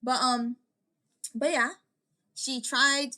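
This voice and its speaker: A woman's voice: high voice, little pitch movement, drawn-out words, pushed and bright. A young woman vlogger telling a personal story in a casual, rambling way, full of "like" fillers and restarts.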